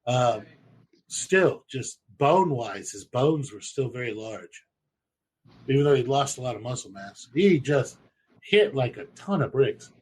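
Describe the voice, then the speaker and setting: A man's voice: mid-range voice, expressive, measured pace, darkish tone, slightly rough. A man telling stories in a loose, rambling and profane way as host of a casual chat show. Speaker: podcast host.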